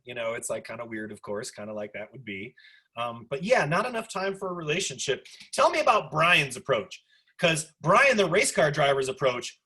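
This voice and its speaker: Forties man, instructor, bright and husky voice, lively asides, video call. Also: mid-range voice. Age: 40s. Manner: animated, chatty, lots of asides. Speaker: sociology instructor. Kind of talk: online class discussion lecture.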